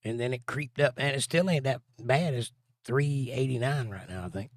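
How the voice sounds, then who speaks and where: A man's voice: mid-range voice, moderate pace, no room sound, clean studio sound. A man hosting a casual livestream, reading viewer comments aloud and joking around. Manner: reads viewer comments aloud in playful voices. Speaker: livestream host reading chat.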